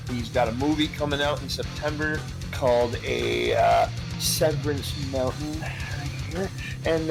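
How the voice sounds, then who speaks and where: A man hosting a podcast, bantering and joking with swearing in casual chat. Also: a little high. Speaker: podcast host.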